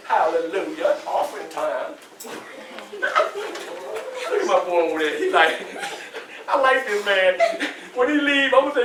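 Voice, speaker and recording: A man's voice: sits high, big pitch swings, normal speed, pushed and bright, a little hiss or hum. A man in his sixties with a Southern US accent, a motivational speaker addressing students in a preacherly call-and-response way with folksy asides. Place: school hall. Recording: echoey room from far off.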